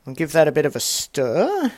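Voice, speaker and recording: A man's voice: fairly high pitch, wildly swooping pitch, normal speed, darkish tone, a little hiss or hum. A man hosting a casual solo podcast, talking in a chatty, self-deprecating way full of rambling asides. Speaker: podcast host.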